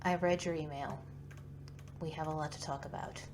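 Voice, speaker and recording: A woman's voice: sits low, steady tone, normal speed, a little hiss or hum, natural voice. A woman voicing an earnest, emotional young noblewoman who argues hard and pleads. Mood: subdued. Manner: pleading, then shouting.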